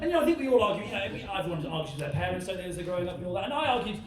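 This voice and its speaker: A high-voiced stand-up comedian tells stories in an animated way, his pitch swinging all over the place. He keeps checking in with the audience. The sound is boomy and picked up from a distance, with a crowd laughing loudly behind him. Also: rapid-fire. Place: comedy club stage. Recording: echoey club, from far off.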